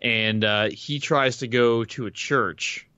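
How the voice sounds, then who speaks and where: A man at a medium pitch chats loosely on a podcast, recapping a book with plenty of restarts and the odd swear word. The sound is dry and a little dull, like a modest home mic setup. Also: fairly even intonation, slow pace, sharp tone, clean tone, dry recording. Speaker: podcast co-host. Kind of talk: casual chat recapping a book.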